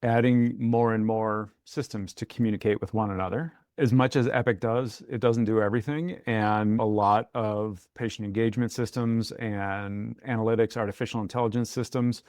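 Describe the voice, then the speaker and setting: A man appearing as a guest on an interview podcast, explaining technical points in a measured, orderly way. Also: on the low side, darkish tone, dry recording, studio quality. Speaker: guest, software architect. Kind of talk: interview answers.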